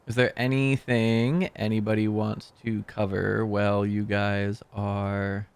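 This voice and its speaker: A man's voice: fairly low pitch, flat delivery, slow, clear, resonant tone. A man running a tabletop game as game master, talking in a casual, matter-of-fact way.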